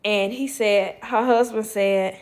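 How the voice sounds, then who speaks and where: A woman's voice: medium pitch, fairly even intonation, slow pace. A woman hosting a show, telling a casual story and acting out the voices of the people she quotes, laughing often. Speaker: host.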